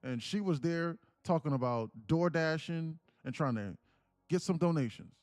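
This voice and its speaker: A man's voice: fairly high pitch, lively intonation, normal speed, darkish tone, no room sound, clean studio sound. A man hosting a casual livestream, telling a story in a rambling, repetitive way and laughing as he goes. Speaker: livestream trading host.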